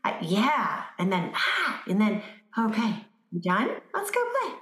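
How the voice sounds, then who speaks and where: Woman coach explaining parenting stuff, animated, does little voices, roomy echo. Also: medium pitch, a little slow. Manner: animated, acts out examples with voices. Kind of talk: advice in conversation.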